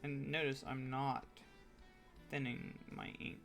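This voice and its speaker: A man's voice: medium pitch, normal speed, music in the background. A young man chatting casually while he paints on a live stream, joking and explaining each step.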